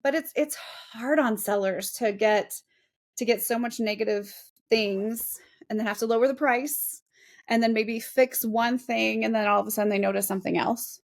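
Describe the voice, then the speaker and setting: A woman's voice: a little high, normal speed. A woman in her forties, a real estate agent, chatting in an interview in a self-deprecating, laughing way. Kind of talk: casual interview chat.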